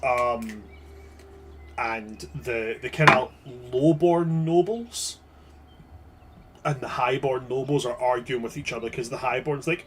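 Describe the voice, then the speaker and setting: A man's voice: mid-range voice, takes it slowly, crowd noise. A man narrating as game master in a casual, sweary way, often restarting his sentences.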